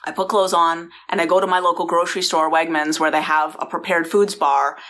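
A low-voiced woman from San Francisco tells a personal story straight to the listener. She talks chattily, restarting sentences and adding asides as she goes, recorded in a bedroom. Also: fairly even intonation, fairly quick, a bit bright. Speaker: founder and host.

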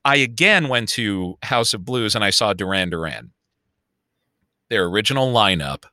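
Bright-voiced man with a Chicago accent. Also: on the low side, moderate pace, no room sound, studio quality. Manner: storytelling, animated, swears freely. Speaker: podcast co-host. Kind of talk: casual chat.

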